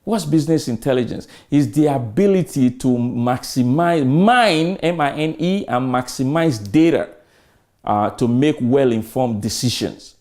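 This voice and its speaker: A man's voice: mid-range voice, animated, measured pace, a little mellow. A man in his fifties giving an emphatic customer service training lecture, full of rhetorical questions and repetition.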